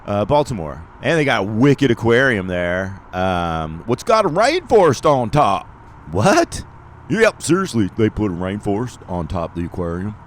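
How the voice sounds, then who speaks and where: A man putting on an exaggerated regional accent, playing a loud, overexcited local. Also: lowish voice, very animated, normal speed, a little hiss or hum, pitched above the performer's own voice.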